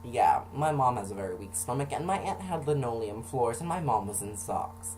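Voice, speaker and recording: A man casually telling a personal story for a vlog, sarcastic and animated, acting out the voices of the people in it. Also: mid-range voice, normal speed, a little hiss or hum.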